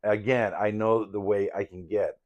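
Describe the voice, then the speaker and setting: A man's voice: lowish voice, little pitch movement, normal speed, muffled recording. An older man telling a personal story in a casual, rambling, candid and reflective way. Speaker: vlogger in sobriety recovery.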